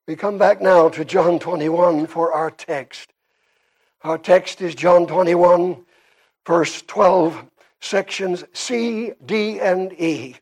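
A man with a Canadian accent preaching a sermon, emphatic and shifting between quiet and loud passages. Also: high-pitched, slow pace.

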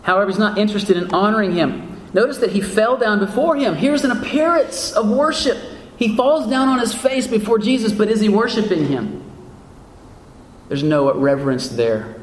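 High-voiced preacher in an echoey hall. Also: male voice, animated, normal speed, a little hiss or hum. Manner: earnest, rhetorical questions, emphatic rises. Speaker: pastor. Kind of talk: sermon. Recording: echoey hall with faint ambience.

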